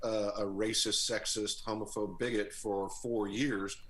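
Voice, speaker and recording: A man speaking as a political strategist in a remote news interview, pausing often with ums and uhs. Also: on the low side, flat delivery, fairly bright tone. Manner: hesitant, many ums and uhs.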